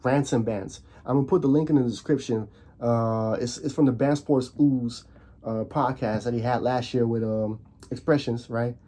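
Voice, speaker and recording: This man from the Netherlands has a warm, mid-range voice with fairly even intonation and a moderate pace. Ranting casually to camera as a commentary vlogger, he keeps repeating points, starting over and asking rhetorical questions.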